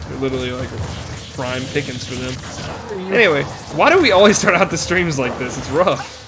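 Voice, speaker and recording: A man's voice: medium pitch, lively intonation. A man streaming a game with friends, joking around in casual chat and laughing often. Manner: joking, quick to laugh, loud outbursts. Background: game music.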